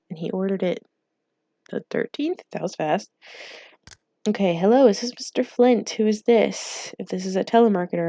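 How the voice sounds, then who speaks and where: A woman's voice: fairly low pitch, vocal fry, warm tone, dry recording, lo-fi sound. A woman playing a mobile game, reading its text messages aloud in light put-on voices and chatting casually, laughing often. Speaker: gaming YouTuber.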